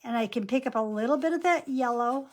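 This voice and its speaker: A woman with a slightly higher voice leads a painting lesson. She keeps up a running, chatty commentary on every brushstroke and color as she paints. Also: fairly quick, a little mellow. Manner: chatty, narrates each brushstroke aloud. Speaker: painting instructor.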